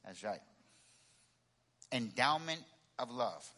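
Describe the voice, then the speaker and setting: A man's voice: medium pitch, lively intonation, slow, pushed and bright, in a large hall. A man preaching a sermon to a congregation, emphatic and repetitive, calling for responses from the crowd. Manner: emphatic, repeats key phrases, calls for congregation responses. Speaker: pastor. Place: church sanctuary.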